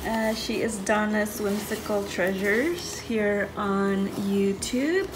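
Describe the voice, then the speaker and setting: A woman hosting a casual craft unboxing vlog, gushing with excitement over each item she opens. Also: medium pitch, slow, noisy background. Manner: gushing, excited, says "so cute" often. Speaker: craft channel host.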